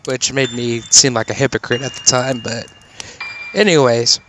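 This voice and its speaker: A young man from Kansas tells a spooky campfire story in a loose, casual way. He swears freely and laughs now and then, in a voice of middling pitch. A steady hiss of background noise sits under the recording. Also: normal speed. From Kansas, United States. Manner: swears often, laughs while telling, quotes others in his own voice.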